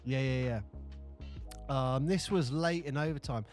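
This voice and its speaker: A man co-hosting a podcast, telling stories in a rambling, animated way with many restarts. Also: mid-range voice, unhurried, faint music behind. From United Kingdom. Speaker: podcast co-host. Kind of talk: casual chat.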